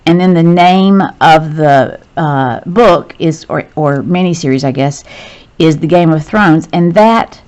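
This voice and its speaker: A woman teacher talks through a grammar lesson at an unhurried, slow pace, with a slightly low voice. She explains patiently and corrects herself along the way. The sound is dull and lo-fi. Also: darkish tone.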